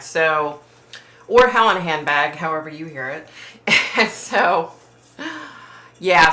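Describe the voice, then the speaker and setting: A woman's voice: lowish voice, sharp tone. A woman hosting a casual livestream from home, reading viewer chat and answering in a chatty, sympathetic way with lots of fillers. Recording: roomy echo.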